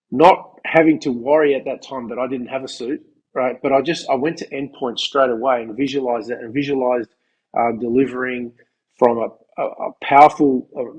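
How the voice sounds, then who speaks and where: A man with a husky, slightly breathy voice explains ideas on a podcast. He talks like a coach, often restarting his sentences as he builds up to his point. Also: mid-range voice, steady tone, normal speed, darkish tone, rough recording. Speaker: podcast co-host. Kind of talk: conversational podcast chat.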